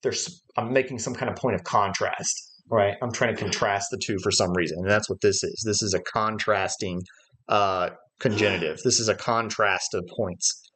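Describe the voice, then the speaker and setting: A man's voice: on the low side, steady tone, normal speed, a bit bright. A man leading a livestreamed Bible study lesson, explaining Greek words step by step and thinking aloud with frequent "uh" fillers. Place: church livestream.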